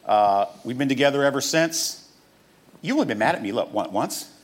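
A man preaching a sermon to a church crowd, emphatic and animated, mixing jokes into his message. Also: medium pitch, moderate pace. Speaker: pastor. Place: church stage with audience.

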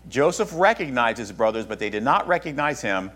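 A man's voice: mid-range voice, sing-song, fairly quick, a bit bright. A man pastor preaching a sermon, talking to his congregation in a conversational way with joking asides.

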